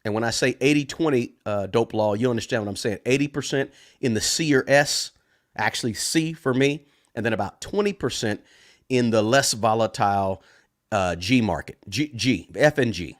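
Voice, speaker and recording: A man in his fifties talks casually to a live audience, mid-pitched and conversational. He greets viewers, answers their questions loosely and keeps calling them guys. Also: moderate pace. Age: 50s. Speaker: livestream host. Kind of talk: live Q&A chat.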